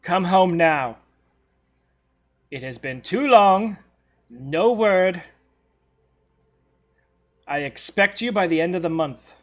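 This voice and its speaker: A man's voice: high-pitched, animated, slow pace, pauses often, voice pushed up. A man voicing a stern mother who speaks in curt, demanding sentences during a tabletop game. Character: stern mother of a grown son.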